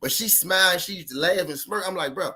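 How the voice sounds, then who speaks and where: High-sitting, brisk and forceful, his bright voice carries a casual relationship story for viewers. The man is a vlogger offering relationship advice, swearing, repeating himself and hammering each point in street talk.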